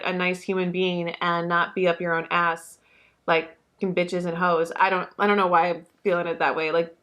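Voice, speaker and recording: A woman's voice: fairly low pitch, a bit bright. Chatty young woman reading tarot. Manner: chatty, emotional, swears freely, many fillers. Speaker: tarot reader. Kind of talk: casual tarot reading monologue.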